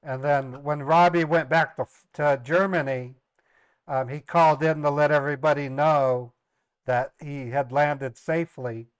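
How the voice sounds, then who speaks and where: A man's voice: on the high side, steady tone, measured pace, clean tone, dry recording. A middle-aged man casually telling family stories on a livestream, rambling, repeating words and laughing at his own jokes. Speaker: live streamer and scambaiter.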